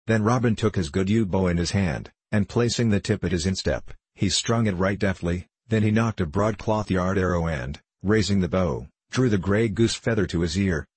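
A man narrating an old-fashioned storybook tale in a steady storytelling voice. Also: sits low, breathy edge, no echo.

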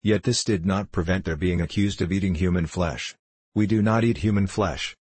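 A man voicing a low, penetrating anarchist orator. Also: moderate pace, darkish tone, breathy edge, dry recording. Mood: impassioned. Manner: rhetorical, declaiming. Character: impassioned young male anarchist orator. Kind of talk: audiobook character voice.

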